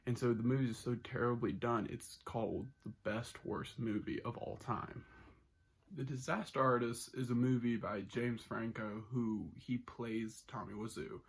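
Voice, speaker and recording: A man's voice: mid-range voice, slightly rough. A man giving a casual, enthusiastic spoken movie review, rambling with many restarts.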